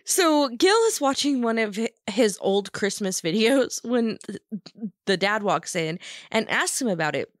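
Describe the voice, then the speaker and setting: A woman's voice: medium pitch, animated, unhurried, dry recording, studio quality. Bubbly woman recapping a film plot. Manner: laughs often, retells plot. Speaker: podcast co-host. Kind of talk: casual chat.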